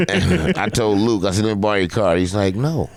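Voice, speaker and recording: A man's voice: fairly low pitch, normal speed, vocal fry. A man guest on a comedy podcast telling a story in casual chat, laughing often and acting out the lines of the people in it. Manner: animated, laughs often, acts out quotes.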